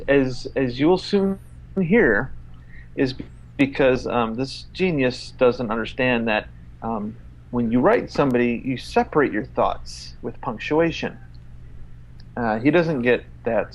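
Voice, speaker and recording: A man's voice: mid-range voice, highs cut off. Exasperated man co-hosting a podcast. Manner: exasperated, profane, halting with fillers. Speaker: podcast co-host. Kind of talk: casual podcast chat, reading an email aloud.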